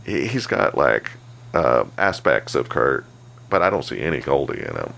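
Animated, profanity-laced storytelling comes from a podcast co-host in casual conversation. His very deep voice carries vocal fry and moves at a normal speed.

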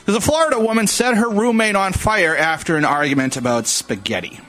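A man's voice: high-pitched, a little fast, a bit bright, poor audio. A man hosting a casual radio talk show, reading news stories aloud with jokes, laughs and stumbling restarts. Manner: joking, laughs often, stumbles over words.

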